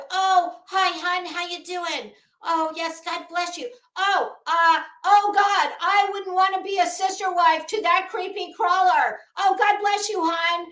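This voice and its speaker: A woman doing a mocking impression of a brash, foul-mouthed woman streamer who swings from sugary greetings to loud cursing. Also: echoey room, exaggerated voice. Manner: loud, profane, shrill sweet-then-cursing.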